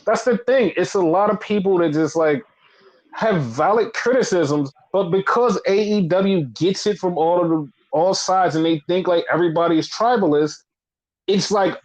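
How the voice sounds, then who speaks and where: Man, podcast co-host, casual chat, profane, repetitive rant, fairly high pitch. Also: moderate pace, darkish tone, low-quality recording.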